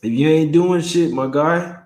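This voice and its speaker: A man's voice: on the high side, a little slow, a little mellow, reverberant, rough recording. A young man hosting a casual sports betting livestream, chatting in a laid-back slangy way and greeting viewers by name.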